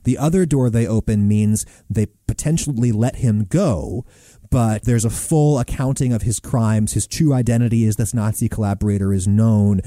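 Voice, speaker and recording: A man's voice: lowish voice, moderate pace, no echo, studio quality. A man hosting a podcast in casual chat, talking emphatically and getting worked up about details. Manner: emphatic, excitable about pronunciation. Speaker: podcast host.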